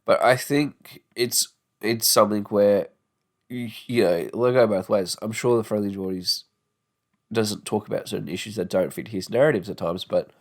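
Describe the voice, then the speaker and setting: On his podcast, an Australian guy with a low voice goes on a casual, rambling monologue. He swears freely and uses mocking put-on voices, speaking with a sore tongue and jaw.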